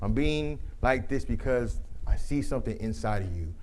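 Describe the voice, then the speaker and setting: Man presenting a lively leadership talk. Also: mid-range voice, moderate pace. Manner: animated storytelling, acting out quoted voices. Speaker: workshop presenter; youth football coach. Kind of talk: live leadership talk to a group.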